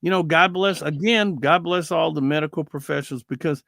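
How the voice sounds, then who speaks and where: A man co-hosting a casual faith talk show, telling stories with lively acted-out quotes. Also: fairly high pitch, fairly quick, gravelly, no echo, clean studio sound. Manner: animated storyteller, acts out quoted voices.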